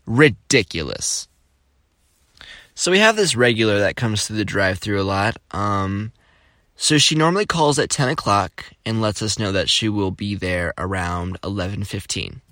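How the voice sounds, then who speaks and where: A young man from Florida hosting a podcast, telling casual stories in an animated, jokey, exclamatory way. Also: lowish voice, unhurried, no echo, studio quality. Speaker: podcast host. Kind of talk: casual storytelling.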